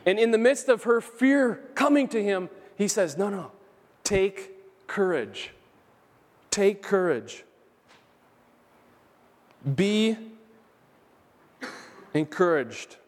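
Man, pastor, earnest emphatic sermon, high voice, long church reverb. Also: lively intonation, slow pace, pauses often. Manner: earnest, emphatic preaching with repeated phrases. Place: church sanctuary.

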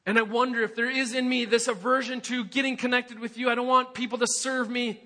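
High, bright-voiced male preacher. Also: flat delivery, fairly quick. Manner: earnest, emphatic preaching with rhetorical questions. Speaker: pastor. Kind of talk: sermon.

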